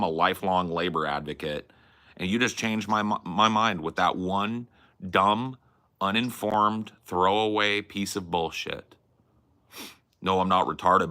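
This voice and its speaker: Young guy ranting on stream, mocking and combative, sharp voice, kinda low-pitched. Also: measured pace. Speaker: stream host arguing with chat. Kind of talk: heated stream rant.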